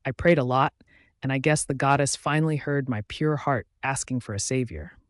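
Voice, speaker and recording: A man narrating a first-person romance audiobook with an even, steady reading. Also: medium pitch, normal speed, no echo, studio quality.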